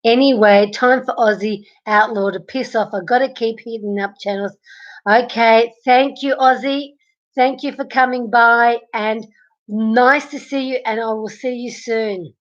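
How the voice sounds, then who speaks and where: A woman hosts a livestream from her bed at home, her high voice slow, hoarse, and fairly even in intonation over muffled lo-fi audio. She's losing her voice but stays chatty, reading comments, greeting viewers by name, and laughing a lot.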